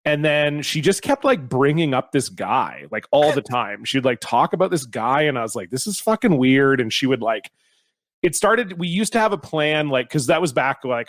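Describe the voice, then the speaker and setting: A man's voice: mid-range voice, dry recording. A man co-hosting a podcast, telling a rambling story in casual chat, swearing often and restarting his sentences. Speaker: podcast co-host.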